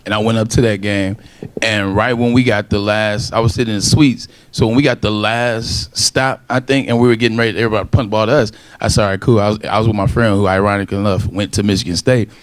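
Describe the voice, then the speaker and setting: A man with a low, smooth voice tells an excited story to a panel audience and acts out the lines of the people in it. The sound is dry and close. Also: quick pace, no echo. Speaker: former college football player on a panel. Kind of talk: casual storytelling.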